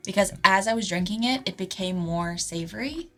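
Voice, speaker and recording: A woman's voice: mid-range voice, brisk, a bit bright, soft background music. A woman co-hosting a whiskey tasting show, plainspoken and a little hesitant in casual chat. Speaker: whiskey review co-host.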